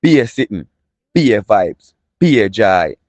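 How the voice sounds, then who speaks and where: A man with a Jamaican accent hosting a casual entertainment news show in patois, animated and chatty, full of catchphrases. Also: fairly low pitch, measured pace, dry recording, lo-fi sound.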